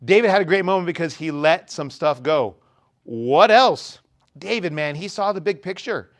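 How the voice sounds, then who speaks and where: Animated, high-voiced man preaching to teens. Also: normal speed. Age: 40s. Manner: animated, acts out quotes in different voices. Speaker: youth pastor. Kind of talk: lively youth sermon.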